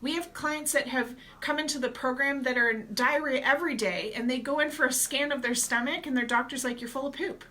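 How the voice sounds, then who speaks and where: A woman gut health coach gives advice directly to her viewers in a casual vlog. Her voice sits a little high and sounds bright and forceful. She keeps an energetic, chatty manner throughout. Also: brisk, few pauses.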